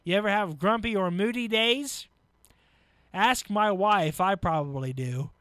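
A man hosting a live local radio show, casual and folksy, chuckling, with filler pauses. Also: high-pitched, a bit bright, no echo. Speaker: radio host. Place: radio studio.

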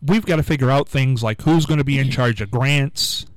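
A man's voice: mid-range voice, normal speed, dry recording, poor audio. A man hosting a live radio show, chatting casually and teasing his co-host. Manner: joking, teasing banter.

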